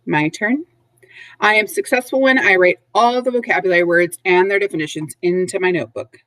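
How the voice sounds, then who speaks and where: A woman teaching a recorded vocabulary lesson to third graders, speaking slowly and clearly, with call-and-response prompts. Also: on the low side, fairly bright tone, dry recording, poor audio.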